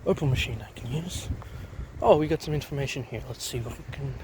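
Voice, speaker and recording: Fairly quick and a little mellow, this young Australian man's mid-range voice carries his casual walking commentary about trains from a station platform outdoors. Fillers and restarts pepper his rambling, he has a lozenge in his mouth, and slight background noise is present.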